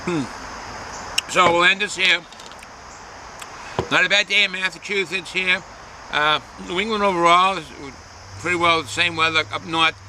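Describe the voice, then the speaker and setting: A man's voice: high voice, steady tone, normal speed, pauses often, background noise. A man giving a casual, folksy beer review outdoors, rambling with lots of hesitations.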